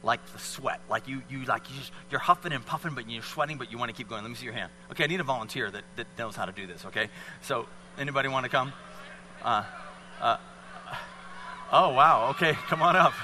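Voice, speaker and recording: A man's voice: medium pitch, bright, forceful tone, in a large hall, slight background noise. A man leading a live fitness demonstration for an audience, coaching volunteers with encouraging, repeated cues. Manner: encouraging, coaxing, repetitive cues.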